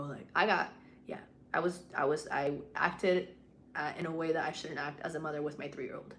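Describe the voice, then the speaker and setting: Lowish-voiced woman chatting on a livestream. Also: normal speed, fairly bright tone, a little hiss or hum. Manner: mixes english and spanish, swears freely, candid. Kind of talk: casual livestream chat. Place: home at night.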